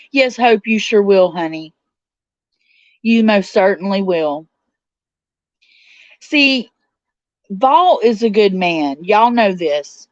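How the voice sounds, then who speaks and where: A woman's voice: mid-range voice, dry recording. Chatty woman host reading her chat. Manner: chatty, reads viewer comments aloud and answers them. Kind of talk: casual livestream chat. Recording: dull, slightly lo-fi sound.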